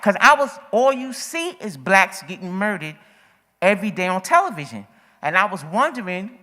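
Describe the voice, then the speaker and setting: A woman's voice: medium pitch, expressive, fairly quick, sharp tone. A woman from the audience speaking at an open-mic forum, a little out of breath, emphatic and repeating herself as she builds urgency. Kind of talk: impassioned open-mic remarks. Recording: echoey hall.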